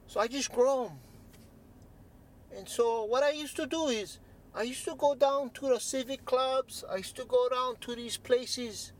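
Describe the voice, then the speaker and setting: A man's voice: very high voice, pitched above the performer's own voice. A man putting on the voice of an older island uncle who grows plants, talking in Hawaiian Pidgin with emphatic feeling. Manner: excited, emphatic storytelling.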